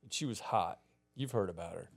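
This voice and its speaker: A man around sixty, a podcast guest telling a long personal story in a casual, animated way, swearing freely and laughing through it. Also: on the low side, a little fast. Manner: animated, profane, laughs through his stories.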